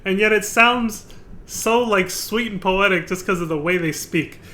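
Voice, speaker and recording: A young man streaming a game, excitable and swearing freely, laughing often. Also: high-pitched, a little slow, a little hiss or hum. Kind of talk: casual live-stream commentary while playing.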